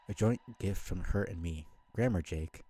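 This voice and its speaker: Low and gravelly, a man voicing a prim, bookish teenage girl in a fan read-through. She speaks precisely and corrects others in a dry tone. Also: warm tone, no echo.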